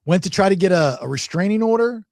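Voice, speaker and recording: With a high-pitched, gravelly voice and a quick pace, a male podcast host rambles through a long story in casual conversation. He repeats words and becomes animated when quoting other people. The sound is dry and studio quality.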